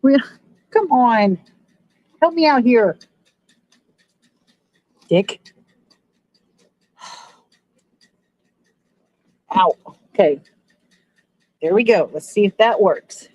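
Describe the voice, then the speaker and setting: A woman with a somewhat high voice chats to her live-stream audience from her phone at home. She swears freely and grumbles at her gear. The sound is dry and close, with no room echo. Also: sing-song, drawn-out words, long pauses, darkish tone, muffled recording. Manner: frustrated, swears a lot, talks to chat. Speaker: streamer showing her fish tanks. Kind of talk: casual live-stream chat.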